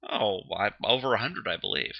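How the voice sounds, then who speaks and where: A man's voice: lowish voice, very animated, brisk, vocal fry. A man co-hosting a casual chat show, telling a story, laughing often and getting defensive when teased. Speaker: podcast co-host. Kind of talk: casual banter. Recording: dull lo-fi sound.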